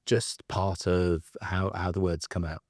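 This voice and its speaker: A man's voice: low voice, level tone, a little slow, no echo, clean studio sound. A man hosting a podcast, thoughtfully building his points and often repeating words as he goes. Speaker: podcast host. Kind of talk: explanatory podcast conversation.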